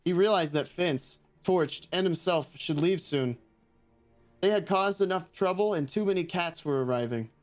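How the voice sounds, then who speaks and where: A man's voice: sits high, normal speed. A man, a guest reader, reading a fan roleplay aloud with many hesitations. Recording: faint music behind.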